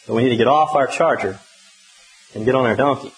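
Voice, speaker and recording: A male pastor preaching a sermon in a conversational, humorous way with lively emphasis. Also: mid-range voice, brisk, poor audio.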